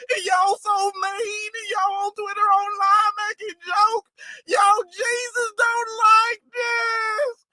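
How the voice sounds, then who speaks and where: A man putting on an overwrought mourner who wails and sobs in a high, piercing, dry-sounding voice, shouting through the tears. The grief is drawn out and theatrical, pushed far past anything natural. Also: level tone, slow pace, no echo, full character voice. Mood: mock sobbing. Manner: wailing, exaggerated sobbing and shouting. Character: overwrought sobbing mourner, mocking.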